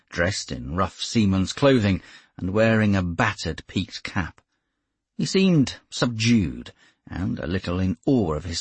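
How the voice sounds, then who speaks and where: A man reads a first-person novel in a measured, wry manner. His voice is low and husky, with lively rises and falls in pitch. The recording is close and dry. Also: dry recording. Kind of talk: first-person audiobook narration.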